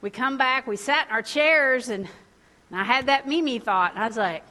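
A woman giving a sermon, telling a personal story in an animated way and laughing often. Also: high-pitched, normal speed. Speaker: preacher.

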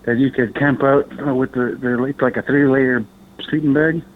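A podcast guest from Alaska talks at a moderate pace in a medium-pitched voice, and the line sounds tinny, like a phone. He rambles through a story in easygoing, animated talk, swearing at times and performing other people's lines.

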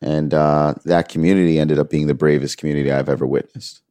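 Interview guest: man, very low voice, earnest and animated storyteller, dry close sound. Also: quick pace, smooth, no room sound. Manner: earnest, animated retelling with quoted dialogue. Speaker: music manager, interview guest.

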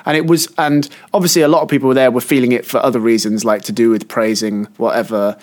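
A podcast co-host with a medium-pitched, slightly mellow voice talks fast with fairly even intonation. In a casual chat, he tells long, wandering stories that trail off and restart as he goes.

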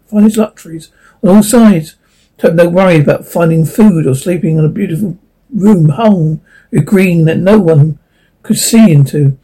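A narrator reading a classic animal novel aloud in a gentle, lilting way. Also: mid-range voice, breathy edge, low-quality recording. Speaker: audiobook narrator. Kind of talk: storybook narration.

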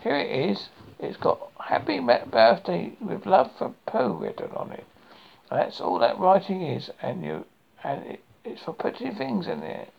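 An eager, cheerful bear, as a man puts him on in a storybook reading. The voice bounces up high and sounds gravelly and husky, on a dull lo-fi recording. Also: measured pace, a little hiss or hum, full character voice. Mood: excited. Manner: eager, excited. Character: cheerful simple male bear.

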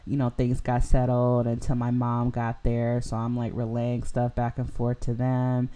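A woman's voice: a bass voice, completely flat delivery, unhurried, mellow. A young woman hosting a podcast, telling a personal story in a casual, rambling way full of "like" and "you know". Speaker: podcast host.

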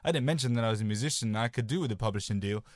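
A man's voice: lowish voice, racing, dry recording, clean studio sound. A young man co-hosting a podcast, chatting casually and rambling through anecdotes with lots of "sort of" hedges. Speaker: podcast co-host.

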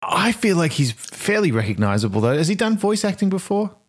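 A man's voice: sits high, big pitch swings, brisk. A man in his forties co-hosting a podcast, joking around and swearing freely in casual banter. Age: 40s. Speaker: podcast co-host.

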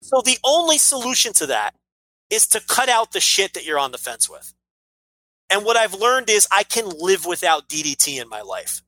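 A man's voice: sits high, big pitch swings, normal speed, bright, forceful tone, no echo, poor audio. A man co-hosting a casual wrestling podcast, rambling and blunt, swearing freely. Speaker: podcast co-host.

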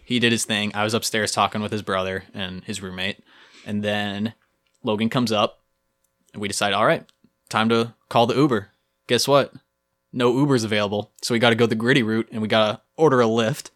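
A man's voice: lowish voice, steady tone, a little fast, fairly bright tone. A young man co-hosting a podcast, telling a story vividly and playfully in casual chat. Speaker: podcast co-host.

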